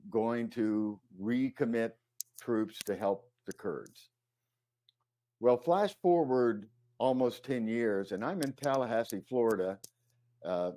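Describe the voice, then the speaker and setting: A middle-aged man, a veteran correspondent, speaks in a slightly low voice. He tells his story earnestly in an interview, pausing on fillers and restarting his phrases as he goes. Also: a little mellow. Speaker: war correspondent.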